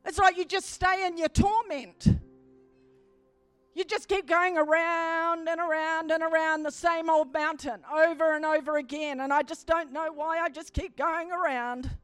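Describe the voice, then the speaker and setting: Woman, preacher, sermon, very high pitch, emphatic swells, dry sound. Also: steady tone, a little slow, a bit bright, dry recording, soft background music.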